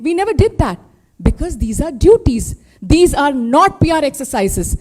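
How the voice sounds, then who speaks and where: A woman's voice: high-pitched, big pitch swings, normal speed, a little mellow. A woman from India with an Indian English accent, a party spokesperson giving an impassioned press briefing full of rhetorical questions. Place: party headquarters press room.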